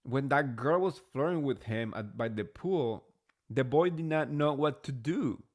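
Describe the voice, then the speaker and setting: A man's voice: mid-range voice, expressive, measured pace. A man hosting a casual reality TV recap, chatty and gossipy, swearing freely. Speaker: host.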